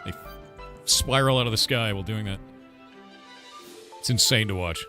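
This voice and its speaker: A man's voice: fairly low pitch, moderate pace, pushed and bright, faint music behind. A man casually chatting with his livestream audience, rambling and blunt, swearing now and then. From United States. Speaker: streamer and game developer.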